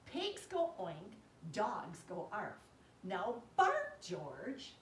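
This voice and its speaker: A stern, insistent mother dog scolds her pup in a loud, emphatic storybook voice, as a woman reads her aloud. Her lines swoop up and down, and the recording sounds roomy and taken from a little way off the mic. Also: medium pitch, huge pitch swings, drawn-out words, slight background noise, heavily acted. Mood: scolding. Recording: roomy echo, distant mic.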